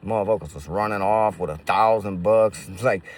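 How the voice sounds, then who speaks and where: A man's voice: lowish voice, moderate pace, recorded from a distance. A man casually telling stories to camera in profane, slangy street talk full of fillers. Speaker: roofing business owner.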